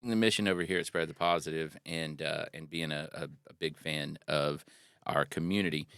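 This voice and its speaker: A man with a very deep voice and a gravelly fry hosts a relaxed chat show. He jokes easily and rambles, leaning on fillers as he goes. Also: a little fast, dry recording, clean studio sound, faint music behind. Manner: friendly, joking, rambling with fillers. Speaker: podcast host. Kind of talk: casual interview chat.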